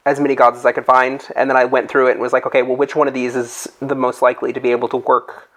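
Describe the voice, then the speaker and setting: A man's voice: mid-range voice, flat delivery, fast, fairly bright tone, poor audio. A man running a tabletop game, chatting casually on a call and thinking aloud with lots of fillers. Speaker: game master. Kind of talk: casual group chat.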